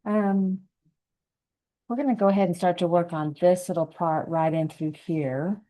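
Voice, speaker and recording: A woman giving a relaxed, encouraging step-by-step painting lesson, thinking aloud as she paints. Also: fairly low pitch, normal speed, low-quality recording. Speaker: painting instructor.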